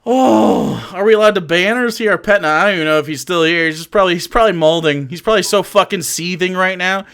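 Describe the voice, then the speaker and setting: A man's voice: high-pitched, quick pace, few pauses, a bit bright, smooth. A man streaming live, chatting casually and mocking his chat with profanity and frequent laughter. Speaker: livestreamer.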